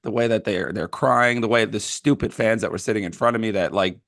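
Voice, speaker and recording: Gravelly New man telling sports stories. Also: fairly quick, no echo, studio quality. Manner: animated storytelling, acting out fans with sudden high yells. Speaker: podcast co-host. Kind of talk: casual sports chat.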